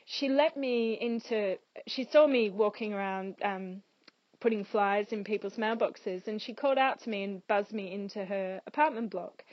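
A woman standing for a local council seat talks through the concerns of her community in an earnest, thoughtful manner. She often pauses with ums. The sound is dry and close, a little muffled. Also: mid-range voice, no room sound. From Australia and England. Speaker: council candidate. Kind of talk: interview answers.

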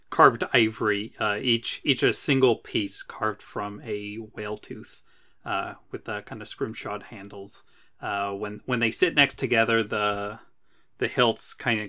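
A man playing a tabletop game, describing his character's actions in a halting, playful way with many fillers. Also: medium pitch, bright, forceful tone. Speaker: player. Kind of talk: tabletop role-play chat.

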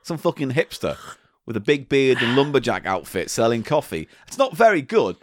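A man's voice: mid-range voice, very animated, normal speed, dry recording. A British man co-hosting a casual comedy podcast, sweary and exasperated, reading aloud from a book between banter. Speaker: podcast co-host.

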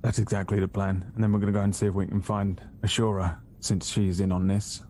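Deep casual man playing a tabletop game. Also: flat delivery, brisk, darkish tone, a little hiss or hum. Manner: casual, hesitant, plain-spoken. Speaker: player. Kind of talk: in-character tabletop role-play.

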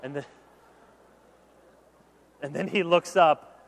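Man, pastor, sermon, animated and conversational, slightly high voice, long hall reverb. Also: takes it slowly, creaky. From Michigan, USA. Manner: animated, conversational preaching with humor. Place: large conference hall.

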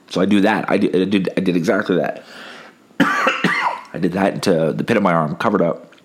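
A man's voice: low voice, moderate pace, long pauses, noisy background. A sick young man hosting a casual solo podcast, telling wry, rambling stories while holding back coughs. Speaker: podcast host.

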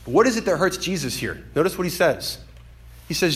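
Male pastor, lively sermon delivery, slightly high voice, acts out quoted lines. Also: fairly quick. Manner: animated, acts out quoted voices, swings from loud to hushed.

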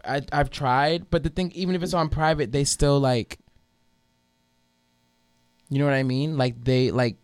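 A man's voice: mid-range voice, a little slow, pauses often, clear, resonant tone, no echo. Chatty young man telling stories, dry mic. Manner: animated storyteller, laughs a lot, swears casually. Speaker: teacher and podcast co-host. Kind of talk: casual chat, storytelling.

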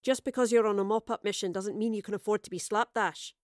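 A woman's voice: medium pitch, fairly even intonation, fast talker, darkish tone, dry recording, studio quality, lightly acted. A woman voicing a stern female commander who scolds in a clipped, firm, dryly severe way.

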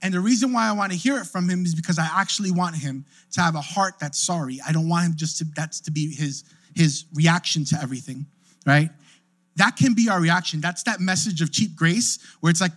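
A man's voice: high-pitched, brisk, fairly bright tone. A young adult male pastor preaching a sermon in a casual, conversational way, often checking in with the listeners. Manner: conversational preaching, frequent "right?" asides.

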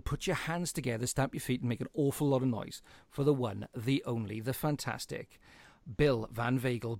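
A man's voice: mid-range voice, moderate pace, vocal fry, darkish tone, no echo, studio quality. Enthusiastic podcast host man. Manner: enthusiastic, rambling. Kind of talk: casual film chat.

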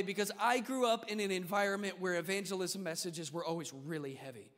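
A male pastor with a high voice preaching a lively sermon, mixing humor into a casual, conversational delivery. The sound carries a long reverb from a church sanctuary. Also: fairly quick, hardly any pauses.

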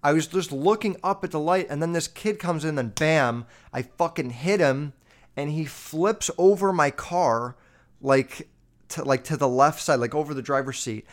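A man's voice: fairly high pitch, moderate pace. A man telling a story in casual monologue, swearing freely and filling his talk with "like" as he speaks straight to his listeners. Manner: profane, rambling, filler-heavy with constant "like"; animated, addresses listeners directly.

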